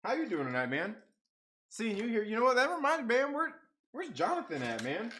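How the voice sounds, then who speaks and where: Lively, profane man hosting a stream. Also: very high voice, fairly quick. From half Mexican family. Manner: profane, laughing, talks to chat while eating. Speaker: live stream host. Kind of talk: casual late-night live chat, reading comments.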